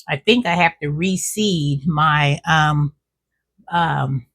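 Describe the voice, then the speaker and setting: Slow, chatty woman vlogger. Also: on the low side, no room sound, studio quality. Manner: chatty, drawn-out, says "child" and "y'all". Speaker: home cook and gardening vlogger. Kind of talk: casual chat to camera.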